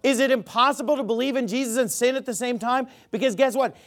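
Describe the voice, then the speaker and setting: A man's voice: very high voice, fast talker. A man preaching a sermon, emphatic, quizzing the crowd with rhetorical questions.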